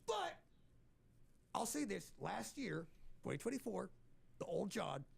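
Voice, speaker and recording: A male podcast host in casual chat, teasing his guest and rambling along. His voice is high and strongly gravelly with a husky edge. Pitch swings widely as he talks. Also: very animated, a little slow.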